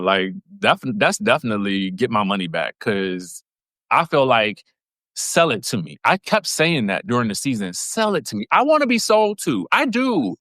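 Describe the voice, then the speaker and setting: A man with a bright, forward voice swings through his pitch as he chats on a podcast. He tells his stories with animated, expressive delivery. The sound is dry and close. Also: dry recording. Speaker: podcast co-host. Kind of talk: casual chat.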